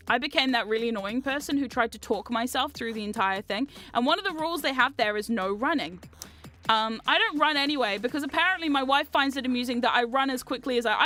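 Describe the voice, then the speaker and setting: A young woman with a high, bright voice chats on her livestream, telling a story in a rambling, excitable rush. She swears freely and laughs often. Soft music plays underneath. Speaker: livestream host. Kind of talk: casual storytelling chat.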